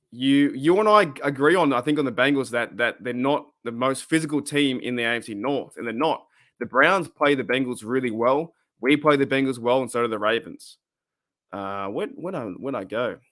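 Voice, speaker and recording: A man's voice: medium pitch, fairly bright tone. A man hosting a casual live-streamed fan podcast, rambling and reacting to chat comments. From Australia.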